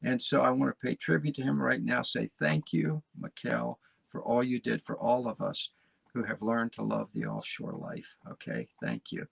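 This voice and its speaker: A man's voice: medium pitch, lively intonation, normal speed, creaky, husky, dry recording. A man from the United States hosting his podcast in a casual, rambling monologue, restarting phrases and chatting to his listeners. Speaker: podcast host.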